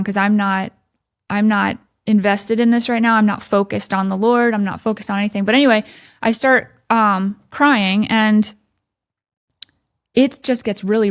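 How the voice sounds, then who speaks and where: A woman's voice: mid-range voice, vocal fry. A woman giving a candid personal testimony as a podcast guest, quoting her own thoughts. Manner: candid storytelling with quoted inner thoughts and soft laughs.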